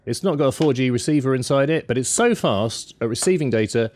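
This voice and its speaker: A man's voice: mid-range voice, a little fast. Man co-hosting a tech podcast, jokey, voice bouncing up and down a lot. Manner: joking, animated storytelling. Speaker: podcast co-host. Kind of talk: casual tech chat.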